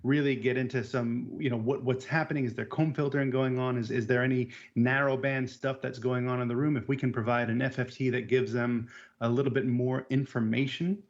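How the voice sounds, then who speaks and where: A man co-hosting a casual technical chat about audio measurement, halting and restarting words as he explains. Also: mid-range voice, level tone. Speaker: AV technician co-host. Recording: dull lo-fi sound.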